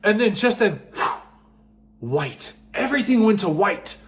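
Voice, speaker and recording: Man, high-pitched, casual storytelling, excitable, filler-heavy. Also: measured pace. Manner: excitable, animated, lots of fillers like "just" and "like". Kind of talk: casual first-person storytelling.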